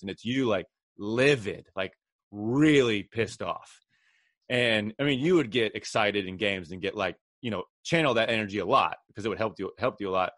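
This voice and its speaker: A man's voice: lowish voice, no echo, studio quality. A man hosting a casual podcast chat, telling stories and acting out quotes with energy. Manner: animated storyteller, acts out quotes. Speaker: podcast host.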